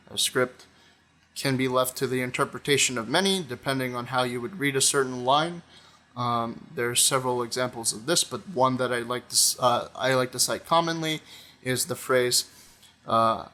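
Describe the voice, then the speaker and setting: A young man talks through his opinion in a loose commentary monologue. His voice is bright and forward. He hesitates a lot, filling gaps with ums and uhs and restarting sentences, all at a mid pitch. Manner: hesitant, many fillers and restarts. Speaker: video essayist.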